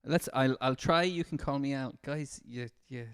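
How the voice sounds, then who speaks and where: A man's voice: medium pitch, normal speed, fairly bright tone, clear, resonant tone, dry recording, studio quality. A man with an Irish accent, a music therapist, chatting casually on a live stream and reading out viewer comments with easy laughter. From Ireland. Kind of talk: casual chat to a live stream audience between songs. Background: acoustic guitar.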